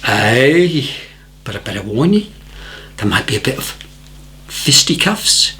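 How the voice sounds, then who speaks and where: A man voicing a big burly Scotsman with a Scottish accent, talking in a deadpan, hushed way. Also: mid-range voice, measured pace, a little hiss or hum.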